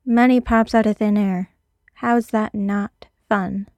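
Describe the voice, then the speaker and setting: A woman's voice: a little high, moderate pace, mellow, dry recording, lightly acted. A woman voicing Hardison, a sarcastic, exasperated male hacker, in a read-aloud story. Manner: incredulous, complaining.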